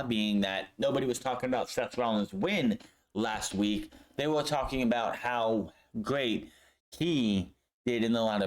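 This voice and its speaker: A man talks through a show recap at home in a loose, offhand way, with a middling voice that is neither high nor low. He is blunt and sarcastic and swears without a second thought. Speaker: wrestling show reviewer. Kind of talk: casual recap commentary. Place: home room.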